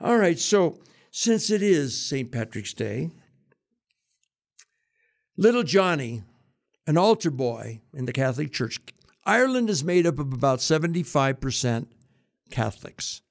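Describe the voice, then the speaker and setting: A man's voice: fairly high pitch, big pitch swings, a little slow, vocal fry, pauses often. A man hosting a radio segment, telling history and jokes in a chatty, jokey way. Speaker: radio host. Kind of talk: casual storytelling and joke-telling.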